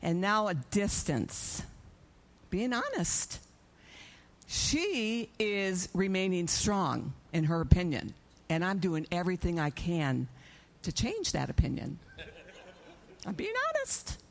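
A middle-aged woman giving an animated testimony in a church service, acting out her own prayers and conversations. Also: fairly low pitch, takes it slowly, creaky.

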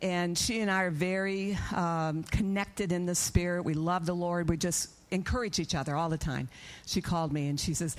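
A middle-aged woman giving an animated testimony in a church service, acting out her own prayers and conversations. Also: fairly low pitch, moderate pace.

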